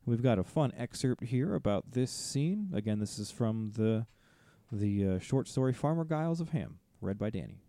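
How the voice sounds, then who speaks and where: Amused, mellow man co-hosting a podcast. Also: mid-range voice, lively intonation, normal speed, dry recording. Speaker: podcast co-host. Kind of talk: casual chat.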